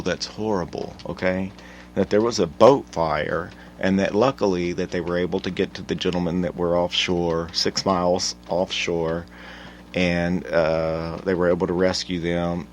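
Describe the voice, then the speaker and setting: A man hosting his own podcast, talking in an animated, profane solo rant that swings from mutters to loud outbursts. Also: deep voice, slight background noise. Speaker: podcast host.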